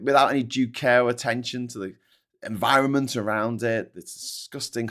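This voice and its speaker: A man hosting a show, ranting in casual, heavily sweary commentary. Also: medium pitch. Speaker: host.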